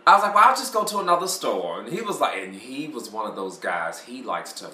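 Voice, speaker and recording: In a casual chat, a man with a mid-range voice briskly tells a funny story about an argument in a shop, animatedly acting out both sides. He swears and laughs freely, and the recording has a roomy sound.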